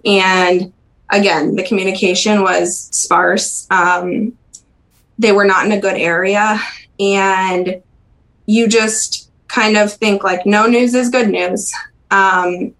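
A young woman speaking as a podcast interview guest, recalling personal memories in a halting, soft-spoken way with frequent pauses and restarts. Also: medium pitch, rough recording. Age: young adult.

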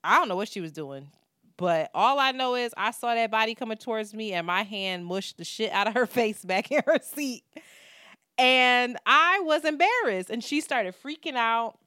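A woman's voice: a little high, lively intonation, normal speed, pushed and bright, clean tone, no room sound, clean studio sound. A woman, co-hosting a podcast and telling a story in casual, profane talk, acting out what people said. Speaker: podcast co-host.

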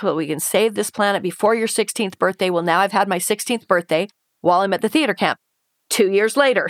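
A woman's voice: on the low side, no echo, studio quality. A woman telling a painful personal story as an interview guest, earnest and emotional, acting out her past thoughts and the voices of others. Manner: earnest, emotional retelling with quoted inner thoughts.

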